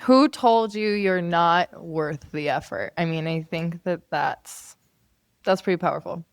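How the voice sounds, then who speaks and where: A woman's voice: on the low side, a little slow, clear, resonant tone, no echo, studio quality. A woman hosting a podcast, interviewing a guest and building long, thoughtful questions. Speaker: podcast host.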